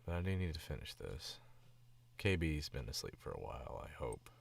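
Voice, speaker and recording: A man's voice: rumbling low, sing-song, normal speed, creaky. A man from the American South chatting casually on a stream about his voice work, sick and sleepy, rambling with chuckling asides. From Southern United States.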